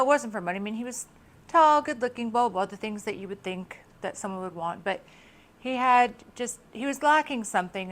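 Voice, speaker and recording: A middle-aged woman vlogger chatting to camera in a casual, expressive monologue, laughing often. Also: medium pitch.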